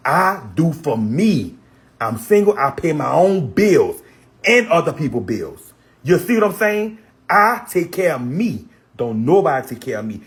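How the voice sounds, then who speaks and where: Husky-voiced man in a heated rant. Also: fairly high pitch. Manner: repetitive, blunt, profane. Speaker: social media personality.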